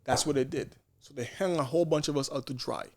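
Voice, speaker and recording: A man's voice: mid-range voice, fast, slight background noise. A man from Canada, a nurse and podcast guest, telling a story in casual chat and acting out quoted exchanges with frequent restarts.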